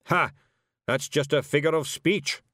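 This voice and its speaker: A man voicing a pompous, huffy male dwarf shopkeeper who blusters and talks loudly and indignantly. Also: mid-range voice, expressive, measured pace, no echo, studio quality, lightly acted.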